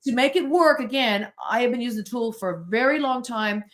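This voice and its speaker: Middle-aged woman, from the US, animated storyteller, breaks off and restarts, casual interview. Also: fairly high pitch, brisk. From United States. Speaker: podcast guest.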